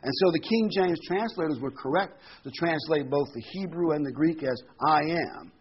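A man in his sixties gives a casual, folksy Bible teaching at a normal pace, his fairly high voice full of ums and side remarks. The lo-fi recording sounds dull and carries a little hiss or hum.

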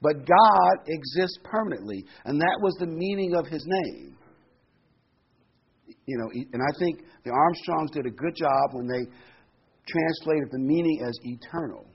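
A man's voice: a little high, lively intonation, measured pace, vocal fry, slightly rough. A man in his sixties giving an informal Bible teaching in a conversational, folksy way, with frequent ums and asides. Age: 60s. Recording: dull lo-fi recording.

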